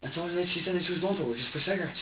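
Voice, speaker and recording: A man's voice: high voice, racing, lo-fi sound, a little hiss or hum. Distant man in an echoey interrogation room. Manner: rambling and repetitive, acting out his own words. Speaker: man being questioned by police. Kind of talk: recounting events during a police interrogation. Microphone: room surveillance microphone.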